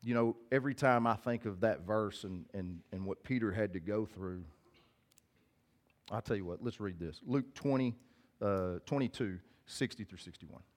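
A man's voice: fairly low pitch, normal speed. A male pastor giving a casual, direct sermon, reading scripture aloud and then explaining it to listeners. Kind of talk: conversational sermon.

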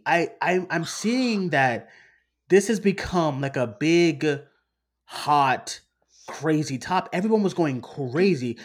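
A man co-hosting a podcast in casual chat, rambling and repeating himself as he gets worked up. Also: mid-range voice. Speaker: podcast co-host.

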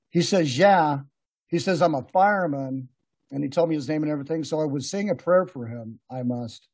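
A man's voice: fairly high pitch, fairly quick, darkish tone, breathy edge, dry recording. A man hosting a podcast, telling rambling, laughing anecdotes in a casual chat with many restarts. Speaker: podcast host. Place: podcast room.

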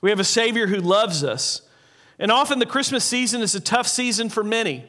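A man with a notably high voice delivers an earnest sermon. He slows down to stress key points and repeats important lines. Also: animated, pushed and bright. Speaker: pastor.

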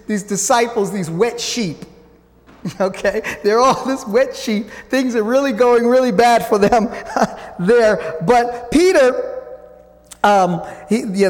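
A man preaching a sermon and teaching from the Bible, talking to listeners as guys and swinging between loud and hushed. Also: extremely high pitch. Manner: conversational, addresses listeners as guys. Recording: long hall reverb.

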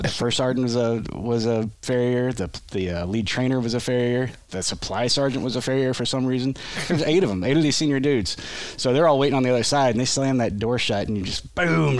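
A man's voice: medium pitch, dry recording. A man telling a long army story on a podcast, with casual restarts and frequent laughs. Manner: rambling, self-interrupting storyteller who laughs often. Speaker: podcast guest, army veteran.

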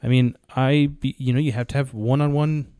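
A man's voice: mid-range voice, steady tone, normal speed, dark tone, clear, resonant tone, no echo, studio quality. A man co-hosting a casual podcast, weighing his words and hedging as he talks. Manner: thoughtful, hedging with "I mean". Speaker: podcast co-host.

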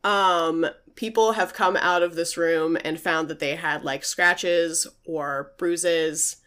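Her lowish, smooth, fairly bright voice stays fairly even in intonation and slow as she co-hosts a podcast. She tells a ghost story casually, chatting with plenty of fillers and reading out quotes.

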